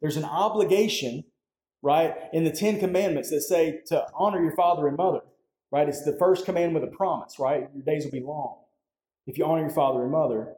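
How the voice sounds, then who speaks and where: A man's voice: on the high side, a little fast, a little mellow. Man preaching in an echoey hall. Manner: conversational, often tags "right?". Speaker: pastor. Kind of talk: sermon.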